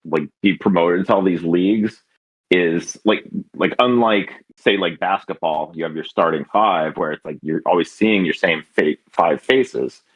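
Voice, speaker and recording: A man in casual podcast chat who speaks haltingly, with many fillers and restarts, on a dull lo-fi recording. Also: low-pitched. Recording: dull, husky lo-fi sound.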